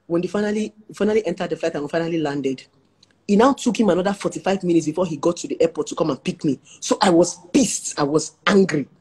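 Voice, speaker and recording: A woman with a Nigerian accent chatting frankly as a talk show guest, telling personal stories in an animated way and laughing as she goes. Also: on the low side, very fast, breathy edge. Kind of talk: casual chat and personal storytelling.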